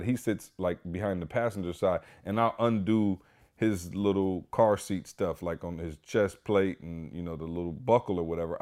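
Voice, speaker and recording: Man, podcast host, casual storytelling, emphatic and animated, somewhat low voice. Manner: animated, emphatic, heavy use of "like" and "y'all".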